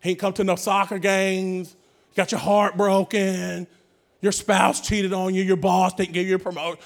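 A man preaching a sermon as pastor, swinging between shouted bursts and hushed asides while calling out to the congregation. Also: high voice, moderate pace, gravelly. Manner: energetic preaching with sudden shouts and hushed drops, calls to the congregation.

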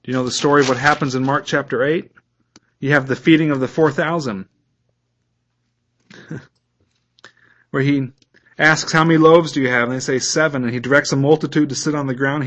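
A man's voice: medium pitch, fairly even intonation, moderate pace, pauses often, a bit bright. A man preaching a sermon as a pastor, reading scripture aloud and putting questions to his listeners.

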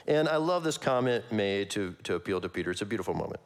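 A man preaching a conversational sermon, casual and animated, with slangy asides and frequent laughs. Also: on the low side, fast. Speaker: pastor.

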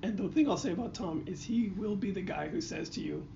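High-voiced man trading wry quips. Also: a little fast, vocal fry, mellow. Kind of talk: casual chat. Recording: noisy, lo-fi podcast audio.

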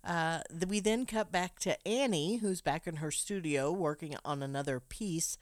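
A woman's voice: deep voice, clean tone, no echo, studio quality. A woman co-hosting a podcast, recapping a film's plot in a casual, wry way with frequent laughs and asides. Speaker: podcast co-host recapping a film.

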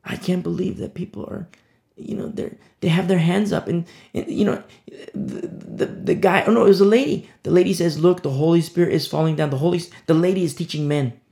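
A man gives a casual, conversational sermon, slipping into short acted-out scenes as he goes. His voice is gravelly with a pitch a touch higher than most men's. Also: expressive, fairly quick, darkish tone. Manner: conversational preaching, acting out little scenes. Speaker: pastor. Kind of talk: informal sermon on a Bible passage.

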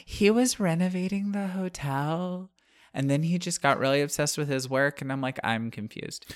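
A man co-hosting a casual podcast, cutting in with quick questions and joking asides. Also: fairly high pitch, clean tone. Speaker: podcast co-host. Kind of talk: casual chat.

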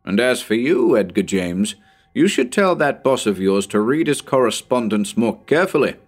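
A man voicing a cranky elderly male professor with a squeaky voice and a severe, scornful manner. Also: normal speed, faint music behind, close to an everyday voice. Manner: severe, contemptuous, excitable.

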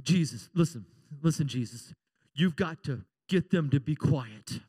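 A man voicing fretful Pharisees who beg for a noisy crowd to be hushed. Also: a little high, lively intonation, unhurried, husky, voice pushed down. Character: fussy Pharisees hushing a crowd.

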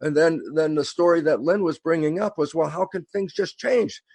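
Guy guesting on a show, telling stories all animated, a bit husky, dry close sound. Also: a little high, normal speed, no echo. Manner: animated, acts out quoted dialogue. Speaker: guest speaker. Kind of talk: storytelling conversation.

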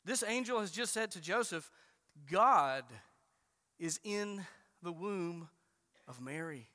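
A man preaching a sermon as a pastor, stressing key phrases slowly and emphatically. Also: high voice, lively intonation, sharp tone. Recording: reverberant hall.

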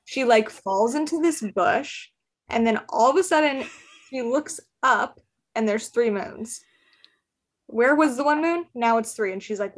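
A woman's voice: on the high side, measured pace. A woman recapping a romance novel in casual podcast chat, chatty and full of "like" fillers, laughing often. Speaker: podcast guest.

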